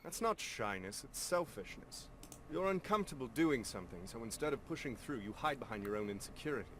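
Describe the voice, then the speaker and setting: Cast a man as a cold, aloof posh English young man for a visual novel: stiff, formal, mid-pitched. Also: animated, a little fast, a bit bright, slight background noise, lightly acted. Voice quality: stiff, overly formal delivery.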